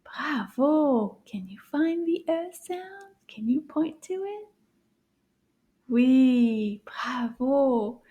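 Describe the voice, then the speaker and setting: A woman teaching words to children, modeling them slowly, praising the listener, and dropping into soft whispered asides. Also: high voice. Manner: slow, drawn-out word modeling with frequent soft whispered asides. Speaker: French teacher for kids. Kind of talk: children's language lesson.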